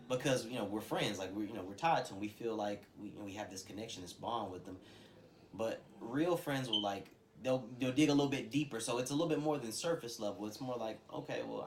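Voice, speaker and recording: A man co-hosting a casual podcast, talking in slangy, animated style and acting out his friends' voices. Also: mid-range voice. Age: adult, has a son. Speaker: podcast co-host. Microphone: podcast microphone.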